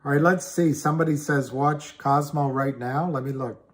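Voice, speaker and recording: A man hosting a casual livestream, chatting slowly and rambling while reading viewer comments aloud. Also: fairly high pitch. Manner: slow, rambling, reads chat comments aloud. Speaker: livestream host. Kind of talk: casual livestream chat about stocks.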